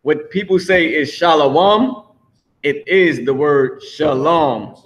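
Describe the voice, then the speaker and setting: A man's voice: a little high, a little slow. A man teaching a live language class in a loose, slangy way, repeating words as he builds each point.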